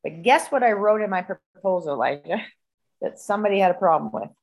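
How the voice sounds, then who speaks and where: A woman on a video call telling a personal story in a heated, profane, animated way. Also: medium pitch, a little fast, poor audio. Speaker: guest.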